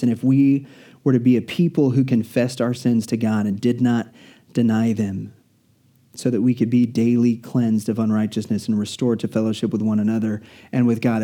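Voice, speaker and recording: A man preaching a sermon in an earnest, storytelling manner, slowing down to stress key words. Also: mid-range voice, dark tone. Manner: earnest, storytelling, slows down for emphasis.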